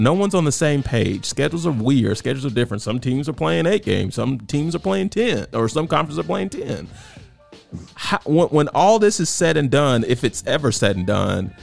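A man co-hosting a podcast in casual chat, emphatic and quick to laugh. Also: medium pitch, gravelly. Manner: animated, emphatic, laughs often. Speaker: podcast co-host.

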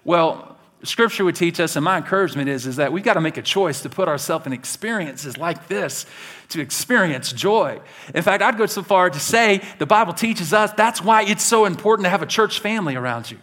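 A man preaching a sermon to his church, animated and conversational, laughing along with his stories and talking straight to the congregation. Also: high-pitched, fairly quick. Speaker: pastor.

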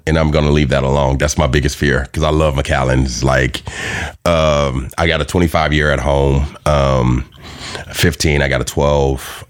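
A man telling loose, profane stories in a casual podcast chat, laughing as he goes. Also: a bass voice. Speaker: podcast guest.

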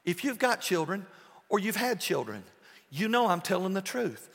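Passionate preacher with a high, bright voice. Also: male voice, sing-song, moderate pace. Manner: passionate, swings between soft and loud. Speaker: pastor. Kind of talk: sermon. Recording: long hall reverb.

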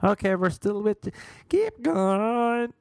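Man doing a shrill nagging yoga teacher. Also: animated, slow pace, no room sound, studio quality, full character voice. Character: pushy female yoga teacher on headset.

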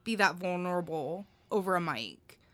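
A woman's voice: fairly low pitch, lively intonation, moderate pace, a bit bright. A woman hosting a podcast, talking casually with many restarts and filler phrases. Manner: rambling, many you-knows and restarts. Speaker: podcast host.

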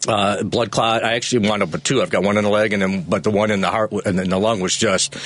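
Fast-talking man telling a rambling story. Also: on the low side, steady tone, a bit bright. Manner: rambling, restarts often, chuckles through stories. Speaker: radio show producer and co-host. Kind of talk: casual on-air storytelling. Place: radio studio.

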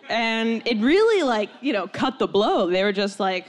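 A woman's voice: mid-range voice, moderate pace. A young woman tells a rambling personal story in a loose, chatty way. She laughs often and leans on "like" and "you know". Her voice swings up and down as she acts out what everyone said. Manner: animated, laughing often, heavy use of "like".

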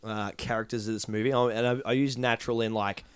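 A man chatting about a film, excitable and laughing, full of filler words. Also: lowish voice, fast talker, clean tone, no room sound, studio quality. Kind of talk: casual film discussion.

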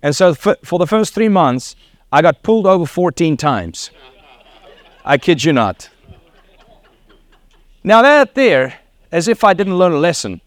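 A man's voice: a little high, big pitch swings, measured pace, pauses often, no room sound. A middle-aged man with a South African accent preaching a sermon, telling stories with laughs and acted quotes. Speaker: pastor.

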